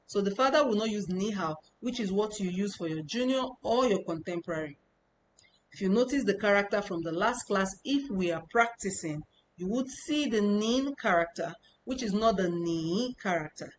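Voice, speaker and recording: A woman's voice: medium pitch, lively intonation, normal speed, a little hiss or hum, low-quality recording. A woman from Nigeria, teaching an informal lesson and talking each point through step by step, often repeating herself. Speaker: language teacher.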